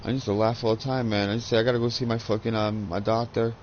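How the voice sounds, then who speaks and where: A man's voice: fairly low pitch, little pitch movement, fast talker, darkish tone. Gamer guy in his thirties, swears constantly and rambles through stories, headset mic, slightly dull sound with faint background hum. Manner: profane, rambling storyteller. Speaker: gaming channel host. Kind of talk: casual chat while gaming.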